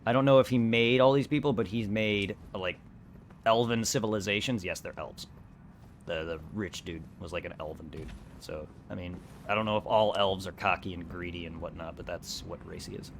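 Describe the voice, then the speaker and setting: Rambling, excitable young man streaming. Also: low voice, moderate pace, slight background noise. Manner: rambling, excitable, swears a lot. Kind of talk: casual gameplay commentary.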